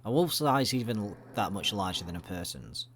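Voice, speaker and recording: A man with a somewhat low voice talks his way through a game in loose, rambling let's-play commentary. He jokes crudely and swears freely. A faint hiss of noise sits under his voice. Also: sing-song, fairly quick. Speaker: gaming video creator.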